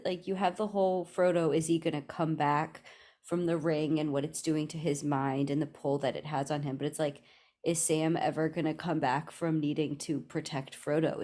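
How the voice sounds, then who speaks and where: Thoughtful woman with a lowish voice. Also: steady tone, a little fast, dark tone. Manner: thoughtful, full of likes. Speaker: podcast co-host. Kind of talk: casual comedy podcast chat.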